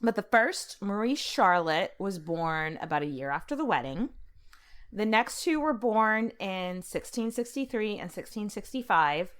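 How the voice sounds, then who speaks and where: A woman's voice: mid-range voice, expressive, measured pace, fairly bright tone, clean tone. A young adult woman co-hosting a podcast in casual chat, telling a story with a lot of profanity and acted-out quotes. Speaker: podcast co-host.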